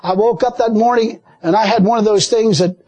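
Husky high-voiced preacher telling a story. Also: male voice, fairly quick, no echo. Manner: folksy storytelling, animated, frequent laughter. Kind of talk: sermon.

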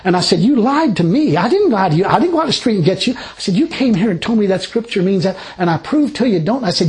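A high-pitched man preaches in a casual, rambling way. He tells his own stories and keeps them animated, and he often laughs between lines. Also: fast talker, few pauses, poor audio. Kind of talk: informal sermon with personal stories.

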